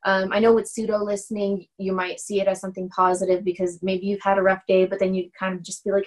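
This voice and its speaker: In a casual recorded lecture, a woman instructor with a middle pitch talks fast and conversationally with hardly any pauses, often checking in with "right?". She acts out example dialogue in animated voices, and the recording quality is low.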